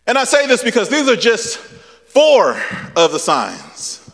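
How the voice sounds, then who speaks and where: A young man preaching a sermon as pastor, with shouted peaks and a lot of repetition. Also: sits high, wildly swooping pitch, measured pace, creaky, in a large hall, a faint crowd.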